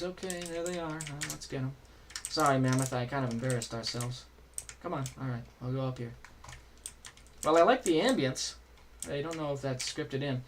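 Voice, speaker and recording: A man's voice: a little high, moderate pace, a little hiss or hum. A man streaming a video game, chatting and joking casually as he plays and answers chat. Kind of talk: casual gameplay commentary.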